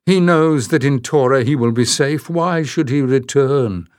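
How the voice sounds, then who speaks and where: A man puts on a grief-stricken woman from a storybook, a little higher than his own voice. She mumbles and moans her hopeless words in a dry, close reading. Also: a little slow, a little mellow, no echo, close to an everyday voice. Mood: despairing. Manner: mumbling, moaning.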